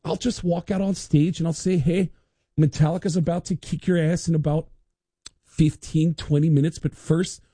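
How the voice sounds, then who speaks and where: A man's voice: fairly high pitch, fairly even intonation, moderate pace, warm tone, breathy edge, no echo, voice pushed up. A man doing an impression of a laid-back rock drummer who calls everyone dude. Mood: reassuring. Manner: easygoing, drawling, calls people dude.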